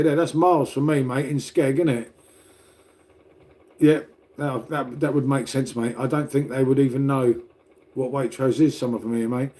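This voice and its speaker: An older English man rambles to his livestream viewers in a mellow, dark-toned voice. He swears freely and tags "mate" onto nearly every remark. The talk stays loose and conversational. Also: medium pitch. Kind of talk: casual livestream chat with viewers. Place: at home, making coffee.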